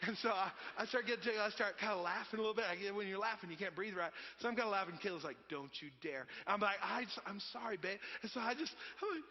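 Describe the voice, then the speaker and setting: A high-pitched man in his thirties preaches in a loose, chatty storytelling manner, swinging from loud to hushed. His voice carries a long hall reverb, and the recording sounds muffled. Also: rapid-fire, hardly any pauses. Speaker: pastor. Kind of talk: sermon. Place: church sanctuary.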